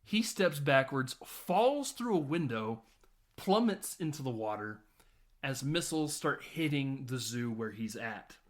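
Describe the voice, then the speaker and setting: Male podcast host, casual and profane film recap, laughs a lot, mid-pitched. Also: unhurried. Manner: laughing, profane, animated retelling with quoted lines.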